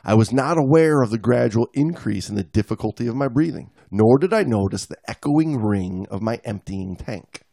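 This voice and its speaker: A man's voice: medium pitch, animated, moderate pace, creaky, few pauses, warm tone, dry recording, clean studio sound. A man co-hosting a podcast, reading a first-person story aloud with dramatic delivery and chatting. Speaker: podcast co-host.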